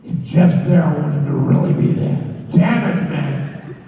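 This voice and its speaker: A man putting on a gruff, curt older boss. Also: on the high side, sing-song, takes it slowly, highs cut off, faint music behind. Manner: blunt, curt, grumbling. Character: gruff older male boss, dismissive and stubborn. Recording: echoey hall, distant mic, background noise.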